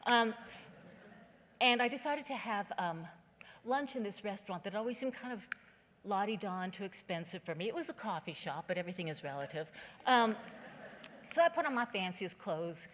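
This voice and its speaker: A woman from southern West Virginia delivers a keynote in a relaxed, joking storyteller's manner, her clear throughout. Her voice sits at a middle pitch, and a long hall reverb trails every phrase from the theater stage. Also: normal speed. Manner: humorous, conversational, folksy. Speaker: keynote speaker. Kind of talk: storytelling speech.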